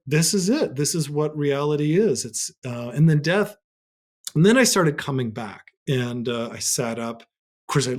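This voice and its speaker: A man speaks as a podcast guest, recounting a personal experience in an earnest, reflective way. His voice sits at an ordinary pitch for a man and jumps high when he acts out a moment. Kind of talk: personal storytelling in conversation.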